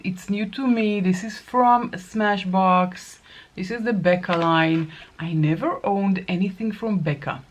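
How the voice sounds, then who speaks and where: A woman's voice: mid-range voice, creaky, a little hiss or hum. A middle-aged woman chatting casually through a get-ready-with-me makeup routine, thinking aloud as she applies each product. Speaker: makeup vlogger.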